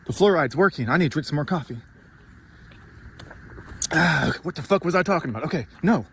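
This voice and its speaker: Casting: fairly high-voiced man, fiery swearing rant, faint hiss behind. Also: expressive, a little fast, long pauses. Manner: intense, swearing, rambling and self-mocking. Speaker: podcast host. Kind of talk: profane motivational rant.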